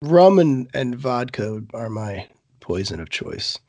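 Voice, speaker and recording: Hoarse, sick man, gravelly. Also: mid-range voice, sing-song, slow, a little mellow, no room sound. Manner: swears a lot, loose and blunt. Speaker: podcast co-host. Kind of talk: casual chat.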